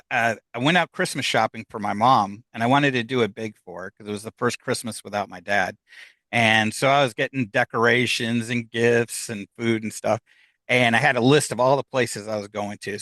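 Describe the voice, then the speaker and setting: As a podcast guest, a middle-aged man tells a personal story in a candid, rambling way, full of "uh" and "um." His voice is medium-pitched and fairly bright, recorded with no room sound.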